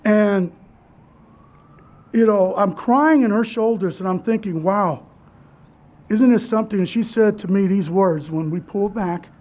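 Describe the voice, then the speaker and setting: Man, high-pitched voice, memorial speech, earnest, halting, self-correcting. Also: darkish tone. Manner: earnest, halting storytelling with restarts. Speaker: keynote speaker at a memorial service.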